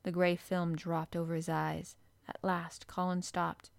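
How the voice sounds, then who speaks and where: A woman narrating a children's storybook in a measured, expressive reading. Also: fairly low pitch, vocal fry, dry recording. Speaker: audiobook narrator.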